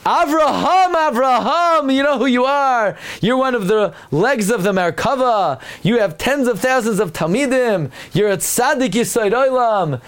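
Man playing God, high and booming, coaxing, exaggerated, mock-flattering. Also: unhurried, few pauses, smooth. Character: booming voice of God addressing patriarch.

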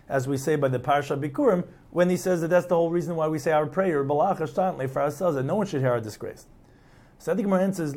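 Male Talmud lecturer, somewhat raised pitch, steady explanatory delivery. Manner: reads Aramaic text then translates, explanatory. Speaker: Talmud teacher.

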